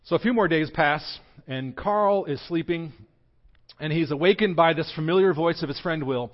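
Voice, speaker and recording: A man's voice: fairly high pitch, a little slow, lo-fi sound. A male pastor preaching a sermon in a joking, conversational way, recorded in a church.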